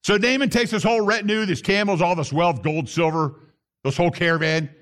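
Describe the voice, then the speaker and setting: A man with a fairly high voice preaches a lively sermon as a messianic pastor. He builds to near-shouts at times and works Hebrew terms into his talk. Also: fairly quick.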